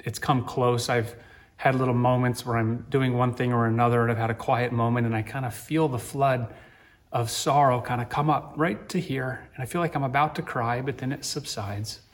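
A man preaching a sermon as a pastor, gentle and reflective, rising to earnest emphasis. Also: medium pitch.

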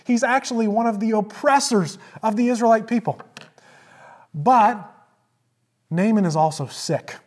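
A pastor preaching a sermon, retelling a story with emphatic repetition and swings from loud emphasis to hushed asides. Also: medium pitch, a little slow, long pauses.

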